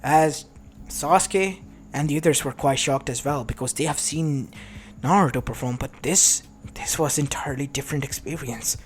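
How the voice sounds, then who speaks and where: A man's voice: on the high side, normal speed, a little hiss or hum. A man narrating a fan fiction story, stumbling and restarting now and then. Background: lo-fi background music.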